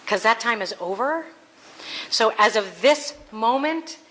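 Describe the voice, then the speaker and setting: A woman's voice: medium pitch, pushed and bright, slight background noise, low-quality recording. A woman preaching a conversational Sunday sermon, earnest with playful asides. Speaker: minister.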